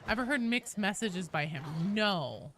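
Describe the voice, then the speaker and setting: A woman's voice: mid-range voice, animated, unhurried. Woman game streamer, jokey and profane, mid-range voice, noisy stream audio. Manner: chatty, swears freely, jokey. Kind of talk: casual gameplay streaming, reading chat.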